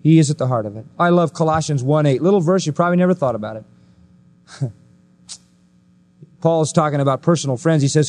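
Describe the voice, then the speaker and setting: Emphatic man preaching, higher-pitched voice. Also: a little fast, pauses often, a little mellow. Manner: emphatic, asks the audience rhetorical questions, swings between high and low pitch. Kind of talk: sermon.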